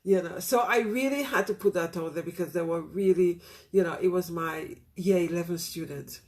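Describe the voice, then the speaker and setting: A woman's voice: fairly low pitch, normal speed, a little mellow. A middle-aged woman, a teacher, talking candidly and from the heart to her listeners in a casual reflective monologue, with many "you know" fillers.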